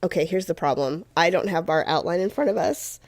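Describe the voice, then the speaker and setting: A woman co-hosting a podcast in casual chat, hoarse from a cold, chatty and self-mocking. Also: lowish voice, a little fast, a little mellow, no echo. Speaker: podcast co-host.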